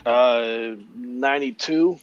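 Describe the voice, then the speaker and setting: A man's voice: medium pitch, takes it slowly, highs cut off, a little hiss or hum. Brief: male, mid voice, laid-back storyteller over a video call. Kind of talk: casual chat on a video call.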